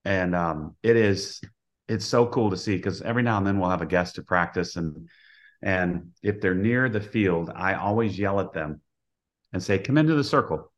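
A man speaks as a guest on a casual coaching podcast, with a somewhat low voice. He explains drills and ideas in a plainspoken, step-by-step way. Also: moderate pace.

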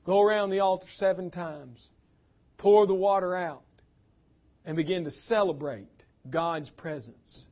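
Impassioned high-voiced male pastor preaching. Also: measured pace, dull audio. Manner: impassioned preaching, swings from loud to hushed. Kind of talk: sermon.

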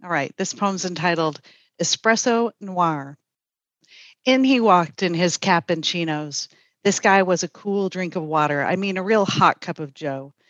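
Woman, poet, halting chat then deadpan poem, dull lo-fi sound. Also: fairly low pitch, dry recording. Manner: hesitant with many fillers, then smooth deadpan recital. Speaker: poet, festival guest. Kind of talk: casual radio chat and poetry reading.

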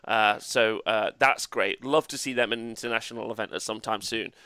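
A man's voice: on the low side, fairly even intonation, a little fast, bright, forceful tone, clear, resonant tone, no room sound, studio quality. A man co-hosting a casual tabletop gaming podcast, chatty and full of fillers, reading out chat comments. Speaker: podcast co-host.

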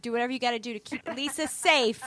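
A woman hosting a loose, joking podcast chat, full of "like" and quick asides. Her voice sits somewhat high, and she talks in a relaxed, conversational way. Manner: chatty and joking, with frequent fillers like "like". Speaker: podcast host.

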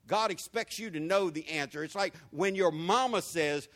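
A male pastor preaching a sermon, throwing rhetorical questions at the congregation and swinging between hushed and loud. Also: sits high, moderate pace, few pauses.

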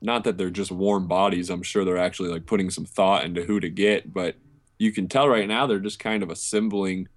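Low-voiced hesitant young man chatting. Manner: hesitant, thinks aloud with many fillers and restarts. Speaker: podcast co-host. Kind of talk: casual sports chat.

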